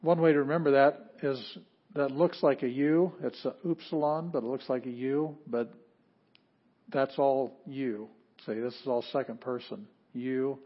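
A man's voice: mid-range voice, fairly even intonation, unhurried. A man with a twang gives a casual classroom lecture, chatty and self-correcting, with joking asides. His voice sits in a middle range. The recording is dull and lo-fi. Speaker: Greek teacher.

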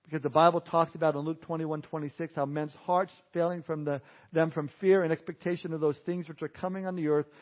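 Pastor, man, high voice, animated storyteller, dull recording. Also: fast. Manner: lively storytelling preacher, dips quiet for emphasis. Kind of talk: Easter sermon. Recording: dull lo-fi audio.

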